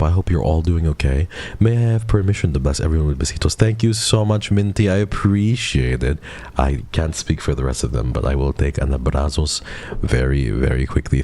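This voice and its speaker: A man's voice: a bass voice, darkish tone. A man in his twenties, a streamer casually chatting with his viewers and playfully teasing them with mock outrage. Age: 20s.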